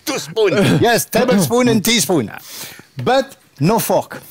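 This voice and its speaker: A man's voice: extremely high pitch, huge pitch swings, takes it slowly, husky. A man with a French accent telling a comic anecdote in broken English, laughing through his own punchlines as a guest impressionist.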